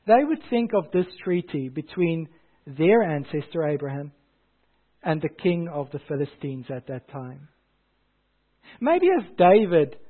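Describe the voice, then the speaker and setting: Man, pastor, sermon, high voice, emphatic rhetorical questions, tinny phone-like sound.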